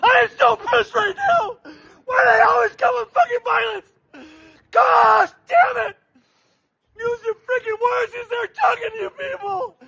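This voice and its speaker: A man crying and shouting in fury, recording himself in a car while driving. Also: very high-pitched, measured pace, gravelly, rough recording. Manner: shouting, furious. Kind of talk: ranting selfie video.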